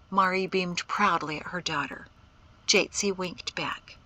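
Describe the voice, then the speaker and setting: A woman reading a novel aloud as an audiobook narrator, in a slow, expressive storytelling manner. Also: fairly low pitch, dry recording, rough recording. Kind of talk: scripted fiction narration.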